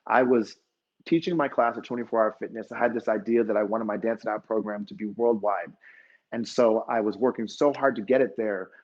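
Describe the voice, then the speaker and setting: A man's voice: lowish voice, steady tone, brisk, dull audio. A man, a fitness dance instructor, telling an emotional story at a conference and acting out the dialogue.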